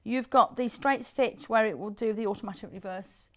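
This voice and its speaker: A woman demonstrating a sewing machine on live TV, explaining its features briskly and practically. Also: fairly high pitch. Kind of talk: product demonstration.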